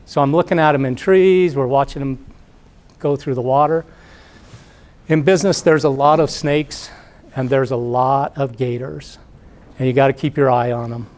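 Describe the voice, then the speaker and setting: A middle-aged man, an entrepreneur, giving a talk to students as an animated storyteller who acts out the voices. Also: medium pitch, normal speed, long pauses. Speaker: entrepreneur guest speaker.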